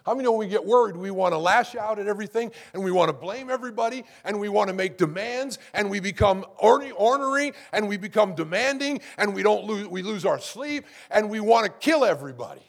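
A man delivers a sermon as pastor, his voice pitched high and gravelly. There is a husky roughness to his tone. He tosses asides to the congregation and builds to fervent emphasis. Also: animated, quick pace, few pauses. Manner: preacher's call-outs and asides to the congregation, rising to fervent emphasis.

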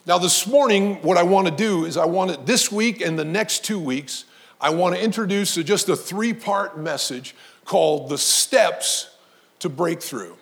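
Male pastor with a high voice, preaching with emphatic build-ups. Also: a little slow. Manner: storytelling preacher, emphatic, rising to shouts. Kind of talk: sermon.

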